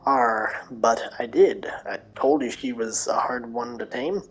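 A woman voicing a scheming old male asylum doctor who speaks in a calm, smug, condescending manner. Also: very deep voice, unhurried, slightly rough, faint music behind, full character voice, rough recording.

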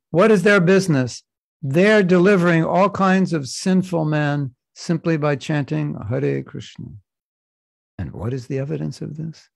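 A man teaching a scripture class, reading passages slowly and adding joking asides in between. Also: a little high, gravelly, a little mellow, no room sound. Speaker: spiritual teacher.

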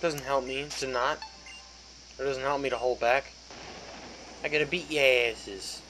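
A man's voice: medium pitch, fairly even intonation, unhurried, pauses often, pushed and bright, low-quality recording. Chatty man commenting on his gameplay. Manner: chatty and jokey, swears freely. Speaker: let's play host.

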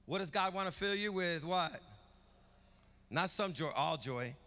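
Male pastor, high bright voice, rhythmic emphatic preaching, reverberant church hall. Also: animated, unhurried. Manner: rhythmic preaching with rising emphatic build-ups. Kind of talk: sermon. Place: church sanctuary.

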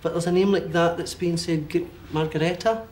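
A man working as a medium, giving a one-to-one reading in halting bursts with frequent checks like "okay?". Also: a little high, fairly even intonation, darkish tone, a little hiss or hum. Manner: hesitant, relays messages in bursts with many okays.

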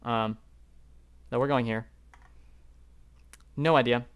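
A young man talks through a geography guessing game at his desk mic, his voice sitting at an ordinary middle pitch. He rambles and second-guesses himself, trailing into fillers as he thinks aloud. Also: steady tone, slow, clear, resonant tone, highs cut off. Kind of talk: live gameplay commentary.

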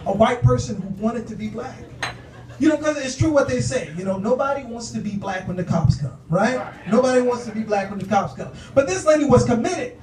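A man's voice: very high voice, lively intonation, fairly quick, darkish tone. A male stand-up comedian doing his set on a club stage, talking in a conversational, punchy way. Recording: echoey club from far off.

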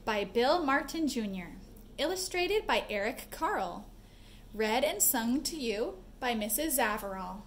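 A woman reading a picture book to children, singing its refrains in a slow, gently playful sing-song voice. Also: on the high side, animated. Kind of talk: sung storybook read-aloud. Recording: roomy echo, faint background hiss.

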